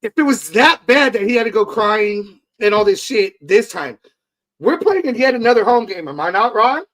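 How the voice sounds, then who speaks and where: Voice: medium pitch, expressive, moderate pace, a bit bright, low-quality recording. A co-host in casual sports chat, heated and profane, pressing the point. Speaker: podcast co-host.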